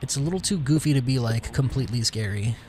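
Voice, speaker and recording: A man's voice: medium pitch, animated, fast, warm tone, slight background noise. A man in his twenties casually commenting on a game he is playing, rambling and slangy, with frequent swearing. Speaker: streamer. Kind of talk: casual let's-play commentary.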